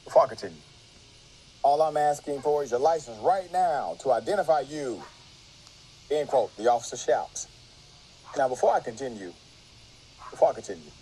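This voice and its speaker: A man's voice: fairly high pitch, mellow, slight background noise, rough recording. A man reading a news article aloud with legal commentary, marking every quotation by saying quote and end quote.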